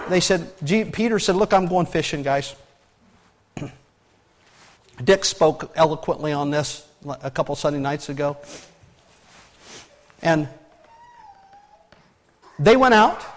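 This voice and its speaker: A high-pitched man preaching from the pulpit in a relaxed, folksy way. He tells the story loosely and keeps turning to the congregation with rhetorical questions. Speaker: pastor. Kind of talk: conversational sermon.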